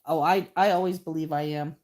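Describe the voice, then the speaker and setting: A woman's voice: low-pitched, steady tone, a little fast, a little mellow. A middle-aged woman chatting casually while she paints live, talking to her painting and thanking viewers. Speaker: artist livestreaming.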